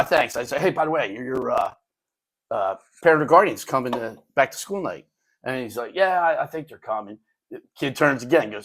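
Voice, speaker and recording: Older male co-host, retired teacher, casual storyteller who acts out voices; everyday mid pitch. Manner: animated anecdote telling, acting out kids' lines.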